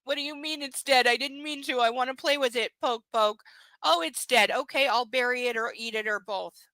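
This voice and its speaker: A woman puts on a playful pet dog with a bright, high, innocent voice. It whines a little in a childlike way. The sound is dry and close, with no room around it. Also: moderate pace, no room sound. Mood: puzzled.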